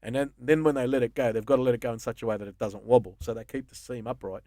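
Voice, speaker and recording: Fast-talking Australian man in his fifties. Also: mid-range voice, fairly even intonation, warm tone, no echo, clean studio sound. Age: 50s. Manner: swearing, rambling storyteller. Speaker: guest comedian. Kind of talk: casual podcast chat.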